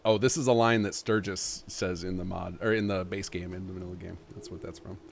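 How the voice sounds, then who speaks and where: A man with a fairly low voice hosting a casual livestream. He reads donations aloud and chats in an upbeat way, with faint noise in the background. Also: steady tone, fast, creaky. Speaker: streamer host.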